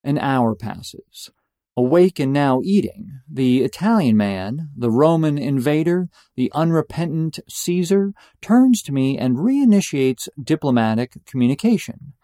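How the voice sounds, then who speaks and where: A young man narrating a personal story in a deadpan, mock-epic manner. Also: fairly high pitch, a little slow, dry recording, clean studio sound.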